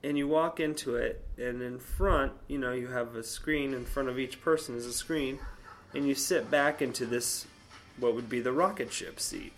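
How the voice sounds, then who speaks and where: A man in his thirties telling a story casually, animated and swearing, acting out quotes in a higher voice. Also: moderate pace. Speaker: vlogger.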